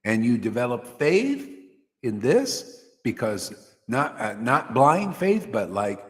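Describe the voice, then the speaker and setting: A man's voice: medium pitch, big pitch swings, slow pace. A man giving a devotional sermon as a spiritual teacher, exhorting and colloquial. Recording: reverberant hall.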